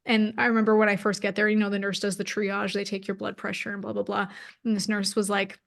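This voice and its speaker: A quick, creaky, fairly bright voice at medium pitch and level tone belongs to a woman in her thirties. She's a guest in an interview, telling a personal story with openness and emotion and plenty of "like."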